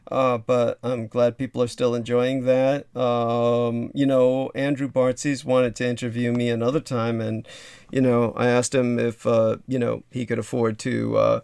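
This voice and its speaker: A man's voice: mid-range voice, level tone, a little slow, creaky, darkish tone, clear, resonant tone, no room sound. A man hosting a casual livestream chat, rambling with lots of fillers and asides. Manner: rambling with many fillers and laughs. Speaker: livestream host.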